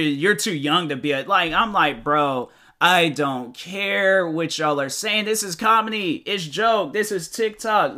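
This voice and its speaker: A young man hosts his own podcast and talks in a loose, rambling way. His voice is very bright and sits a bit high for a man. He leans on slang and keeps restarting his sentences. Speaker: podcast host. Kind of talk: casual solo podcast recap.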